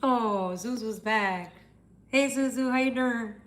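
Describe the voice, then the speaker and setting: A woman's voice: a little high, slow pace. Chatty woman hosting a livestream. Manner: chatty, swears, answers chat comments. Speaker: tarot livestream host. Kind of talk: casual livestream chat.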